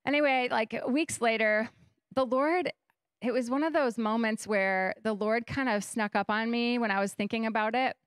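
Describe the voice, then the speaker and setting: A woman's voice: on the high side, fairly even intonation, moderate pace, smooth, dry recording, studio quality. A young woman pastor giving a conversational sermon in a church, telling stories animatedly and acting out her own thoughts. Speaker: guest pastor. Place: church stage.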